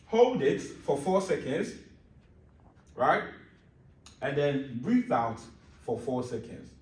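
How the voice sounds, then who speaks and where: A teacher giving a lesson on exam stress, asking questions and answering them himself, often checking that the class follows. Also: male voice, medium pitch, sing-song, takes it slowly. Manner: repeats points emphatically, checks understanding. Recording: roomy echo, mic at a distance.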